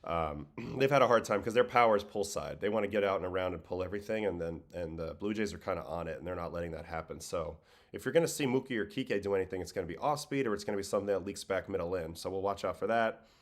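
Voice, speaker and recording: Man host with a faint New York-Boston accent, deep voice, relaxed and a bit worn out, casual livestream talk. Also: quick pace. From Brooklyn, New York. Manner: relaxed, conversational, reads chat questions aloud. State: tired. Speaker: livestream host, former pitcher. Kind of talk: casual livestream chat answering viewers.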